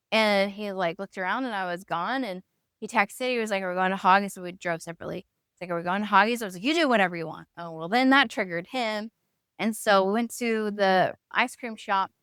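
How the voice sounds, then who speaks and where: Woman, 30s, candid faith podcast host, animated storytelling, smooth and dry. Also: medium pitch, no echo. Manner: animated storyteller acting out quoted voices.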